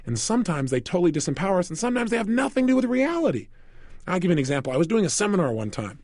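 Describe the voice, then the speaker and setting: A man talking through a recorded self-help program, animated, asking the listener questions and acting out quoted voices. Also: sits high, very fast, no room sound, clean studio sound. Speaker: motivational speaker.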